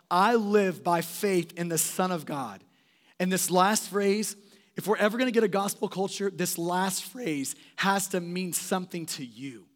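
A male pastor preaching a sermon in an impassioned, emphatic way, slowing down to stress key words. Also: high-pitched, big-room sound.

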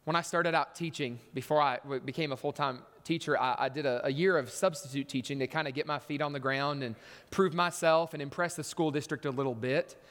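A man's voice: a little high, fairly even intonation, brisk, fairly bright tone, big-room sound. A man preaching a sermon in a church, telling stories and acting out voices with punchy emphasis.

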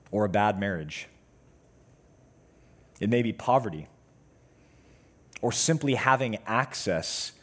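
A man delivers a sermon from the pulpit, his voice husky and a little breathy. He speaks in a medium register and presses his points with measured, deliberate pauses. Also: mid-range voice. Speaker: pastor.

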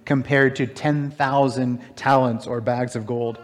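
A man preaching a sermon, retelling a parable with animated, emphatic, incredulous asides. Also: mid-range voice, measured pace. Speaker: pastor. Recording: long hall reverb.

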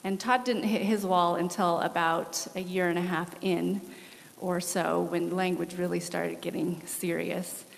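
A woman's voice: on the low side, a little slow, vocal fry. Earnest woman sharing testimony in a hall. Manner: earnest, animated, with laughs. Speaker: missionary guest. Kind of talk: candid testimony in an interview. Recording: long hall reverb.

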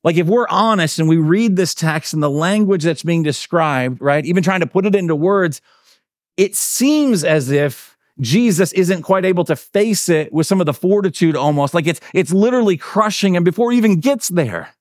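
A man's voice: animated, moderate pace, no echo, clean studio sound. A man preaching a sermon in a conversational way, full of fillers and tag questions, and he acts out the quotes he tells. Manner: acts out quotes with big pitch swings. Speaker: pastor.

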